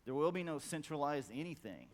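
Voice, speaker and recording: A middle-aged man with a fairly high voice talks to a crowd at a conference. He is blunt and swears freely, stacking the same word again and again to drive a point home. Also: big pitch swings, brisk. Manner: blunt, profane, emphatic repetition; acts out quoted voices in a loud high squawk. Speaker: conference speaker. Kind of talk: profane motivational talk. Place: conference hall.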